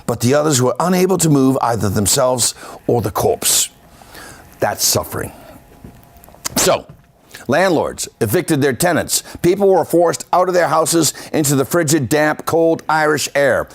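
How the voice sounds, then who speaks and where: Lively historian man lecturing. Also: medium pitch. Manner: pointed asides to the audience. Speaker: local historian giving a talk. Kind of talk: public lecture to seniors. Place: senior center meeting room.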